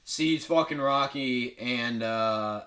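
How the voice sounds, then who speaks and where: A man's voice: medium pitch, takes it slowly, a bit bright. A young man recapping a movie comedically, rambling and swearing with lots of filler words.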